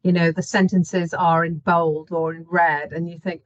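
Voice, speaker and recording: A woman's voice: lowish voice, level tone, normal speed, dry recording. Earnest woman on a dull video call. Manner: earnest, acts out her own inner reactions. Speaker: panelist. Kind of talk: casual video-call discussion.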